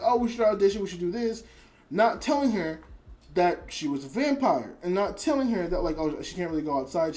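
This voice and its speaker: A speaker giving a casual spoken anime review, rambling with lots of filler words, restarts and casual swearing. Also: mid-range voice. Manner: emotionally invested, trails off and restarts.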